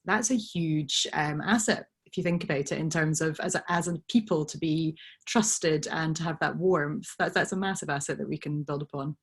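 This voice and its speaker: A woman with a slightly mixed Scottish accent, giving thoughtful, measured answers as an interview guest over a video call. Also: sits low, slightly rough. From Scotland. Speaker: guest, brand director.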